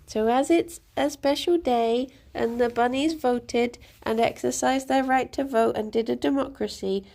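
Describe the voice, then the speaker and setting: A woman's voice: on the high side, unhurried, creaky, hardly any pauses, dark tone. A young British woman chatting casually on a livestream from home, giggly and playful, cooing to her pet rabbits. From United Kingdom. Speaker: streamer. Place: home, indoors.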